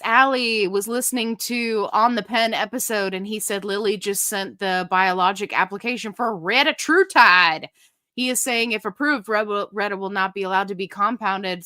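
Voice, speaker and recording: A woman hosting a casual live stream, chatting with viewers and reading their comments in a lively, joking way. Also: mid-range voice. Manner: chatty and animated, quick asides and laughs. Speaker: livestream host.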